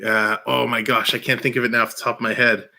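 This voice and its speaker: Guy on a headset doing a chill live stream, bright voice, keeps laughing and rambling on. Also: mid-range voice, little pitch movement, fast talker, vocal fry. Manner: laughs often, rambling and enthusiastic. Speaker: livestream host. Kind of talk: casual live-stream chat. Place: small room at home.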